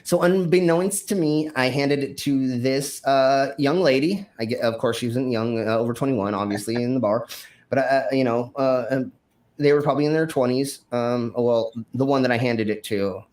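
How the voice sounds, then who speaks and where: A stream host with a mid-range voice tells a wild story from his past at a moderate pace. It's casual, rambling, and profane, with many fillers and restarts, and he acts out his own shouted lines.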